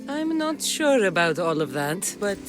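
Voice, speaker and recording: A woman's voice: medium pitch, big pitch swings, unhurried. A woman voicing a blunt mercenary warrior in a video game, speaking in a curt, businesslike, commanding way. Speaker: game protagonist. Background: game music.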